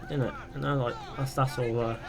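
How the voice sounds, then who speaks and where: A man's voice: medium pitch, level tone, moderate pace, creaky, soft background music. A young man streaming a game live, chatting casually and reading viewers' questions aloud before rambling through his answers. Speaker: gaming streamer.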